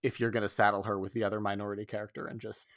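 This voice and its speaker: A man's voice: lowish voice, level tone, racing, a bit bright. A man co-hosting a podcast, talking casually with many stammers and restarts. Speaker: podcast co-host. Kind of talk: casual chat.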